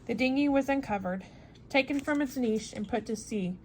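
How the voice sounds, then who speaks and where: A woman reading a novel aloud in steady narration, with small slips and restarts. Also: on the high side, moderate pace, slight background noise, rough recording. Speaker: reader.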